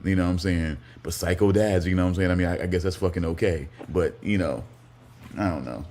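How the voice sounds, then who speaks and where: Deep-voiced man, rambling casual chat. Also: a little fast, darkish tone, slight background noise. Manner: rambling, keeps saying "you know what I'm saying". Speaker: podcast co-host.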